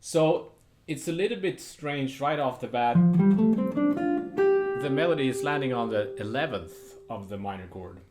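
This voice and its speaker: A man giving a casual jazz guitar lesson, relaxed and thinking aloud as he explains between played examples. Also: mid-range voice, moderate pace. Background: jazz guitar playing.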